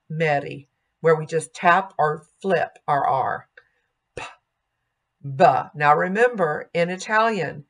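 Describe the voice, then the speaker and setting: A woman giving a music diction lesson at a very unhurried pace. Her voice sits slightly low, and she models each sound aloud with care. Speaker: music teacher.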